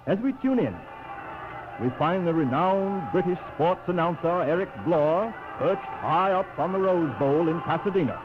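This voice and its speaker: A man announcing on a 1930s radio variety show, giving polished, measured introductions. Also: high-pitched. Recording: muffled 1930s radio broadcast.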